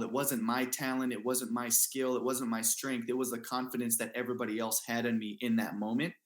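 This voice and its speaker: A man speaking as an interview guest, telling a personal story in an earnest, casual way with many fillers and restarts. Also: medium pitch. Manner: earnest, repeats himself, lots of fillers. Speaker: guest athlete. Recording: roomy echo.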